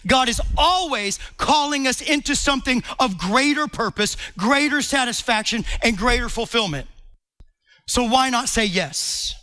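Male preacher, sermon, playful and animated, high bright voice. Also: unhurried. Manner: animated, playful, talks directly to the congregation. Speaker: pastor.

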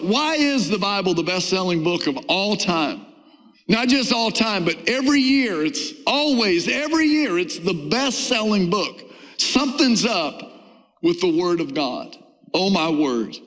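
A man preaching a sermon to a church congregation, emphatic, with drawn-out stresses and pitch that climbs on key words. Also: fairly bright tone, long reverb tail, low-quality recording. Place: church sanctuary.

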